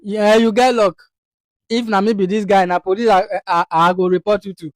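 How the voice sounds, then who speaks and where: Commentator, reaction commentary, chatty, West African Pidgin mixed with English, middle pitch, dry close recording. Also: little pitch movement, moderate pace, no room sound. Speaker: video commentator.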